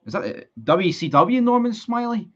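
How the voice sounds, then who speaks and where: A man's voice: high-pitched, expressive, moderate pace, a bit bright, muffled recording. A Scottish man streaming a live football watchalong, chatting with his viewers, frustrated and sweary about his team. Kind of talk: live match watchalong commentary.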